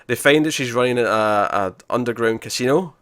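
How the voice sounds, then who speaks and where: A man's voice: mid-range voice, normal speed, fairly bright tone, no room sound, clean studio sound. A man hosting a podcast, chatting casually and animatedly as he recaps TV episodes, laughing often. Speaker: podcast host.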